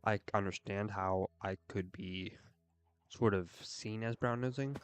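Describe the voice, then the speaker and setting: Low-voiced young man rambling earnestly. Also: unhurried, smooth. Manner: earnest, rambling, with frequent "like" fillers. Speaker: streamer. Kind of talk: casual rambling chat while gaming.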